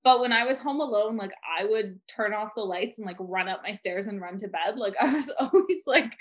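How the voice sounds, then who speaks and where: A young woman co-hosts a podcast in a medium-pitched, fairly quick voice. Her talk is casual and rambling, peppered with "like."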